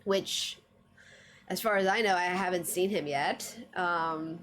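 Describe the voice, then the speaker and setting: A woman's voice: lowish voice, steady tone, takes it slowly, a bit bright. Chatty woman streamer, laughing often. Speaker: streamer reviewing anime trivia. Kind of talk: casual livestream chat.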